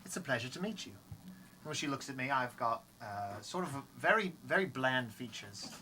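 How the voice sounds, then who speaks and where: A player voicing a plain-looking male adventurer who rambles haltingly in a tabletop game. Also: medium pitch, animated, sharp tone, a little hiss or hum. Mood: friendly.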